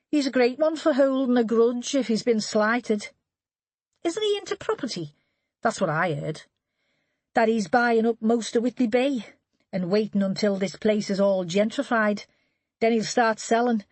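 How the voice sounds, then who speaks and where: A woman's voice: mid-range voice, a little mellow, dry recording, pitched above the performer's own voice, lightly acted. A woman voicing a genial middle-aged man who gossips in a chatty, wry, knowing way, in an audiobook reading.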